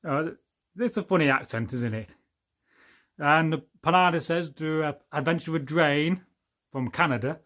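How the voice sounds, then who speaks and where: A man's voice: on the high side, measured pace, long pauses, fairly bright tone. A middle-aged man from England, casually chatting on a livestream, reading out viewer comments with jokes, rambling asides and frequent laughs. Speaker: livestream host.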